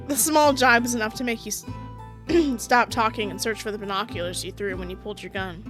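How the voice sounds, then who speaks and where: A woman streamer reading a visual novel aloud, narrating in second person and breaking off with giggly, chatty asides. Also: medium pitch. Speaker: game streamer.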